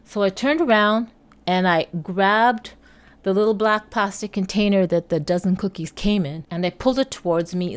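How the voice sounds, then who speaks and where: Woman vlogger telling a story to camera. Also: fairly low pitch. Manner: animated storyteller who acts out each exchange in her retelling. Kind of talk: casual storytelling.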